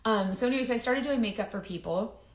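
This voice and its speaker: A woman's voice: a little high, fast, echoey room. A woman who chats casually while doing her makeup, rambling, confiding and often trailing off. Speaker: makeup seller and vlogger.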